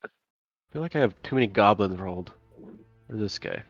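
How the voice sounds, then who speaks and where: Low-voiced man running a tabletop game. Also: expressive, brisk, lo-fi sound, music in the background. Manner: casual, stop-start, full of fillers. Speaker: game master.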